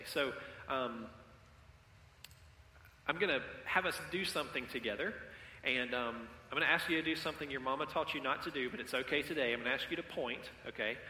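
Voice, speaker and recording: A man's voice: medium pitch, pushed and bright, slight background noise. A man preaching a sermon as pastor, talking directly with his congregation and having them call out and repeat after him. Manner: interactive, calls on the congregation. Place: church sanctuary. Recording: echoey hall with long reverb.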